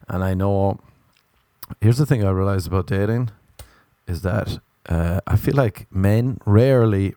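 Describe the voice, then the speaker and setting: Young Irish man, sweary self-mocking comic rant, low voice, dry close sound. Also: moderate pace, darkish tone, no echo. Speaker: comedic monologuist. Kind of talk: casual comedic rant.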